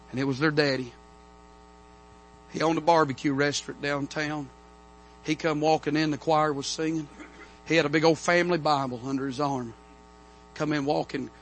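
Baptist preacher guy, bright ringing voice, storytelling then hollering amens, faint hum under it. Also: on the high side. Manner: storytelling preacher, building to loud emphatic amens. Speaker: pastor. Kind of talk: revival sermon. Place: church sanctuary.

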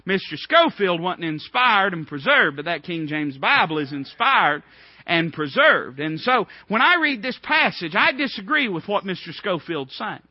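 Emphatic preacher, high voice. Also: male voice, sing-song, moderate pace, husky, no room sound. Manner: emphatic, rising in bursts of repeated phrases. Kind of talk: sermon. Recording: dull, dry lo-fi recording.

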